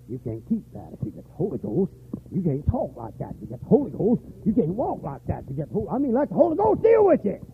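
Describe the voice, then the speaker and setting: An older man preaching a revival sermon, dropping to weary low talk and rising to shouted, high-pitched fervor. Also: a little hiss or hum. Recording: tinny lo-fi church recording.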